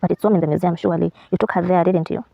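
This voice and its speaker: A woman reading the lines of a polite, fussy male assistant, fast and gravelly, in a dull, dry recording. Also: fairly low pitch, steady tone, no room sound. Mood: deferential. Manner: polite, deferential.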